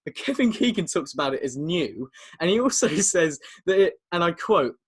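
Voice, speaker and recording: A man's voice: on the high side, sing-song, normal speed, hardly any pauses, slightly rough. A young man in his twenties with an English accent, co-hosting a casual podcast chat over a video call, chatty and laughing often as he tells stories. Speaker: podcast co-host.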